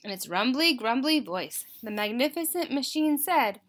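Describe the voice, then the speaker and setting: A woman's voice: high voice, moderate pace, few pauses. A woman, an elementary school teacher, reading a picture book aloud to children and asking them questions as she goes. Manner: expressive, asks listeners questions. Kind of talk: storybook read-aloud for children.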